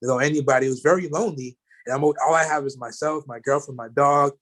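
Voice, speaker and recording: A man's voice: mid-range voice, quick pace, a bit bright. A man guest telling a personal story in casual chat, rambling with lots of fillers. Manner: rambling, many fillers like "you know" and "like".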